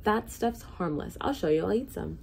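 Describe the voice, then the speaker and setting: A woman's voice: fairly low pitch, lively intonation, normal speed, gravelly, darkish tone, slight background noise. A woman voicing a vain, carefree male captain of the guards who breezily waves off danger in a storybook reading. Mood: breezy. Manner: breezy, dismissive.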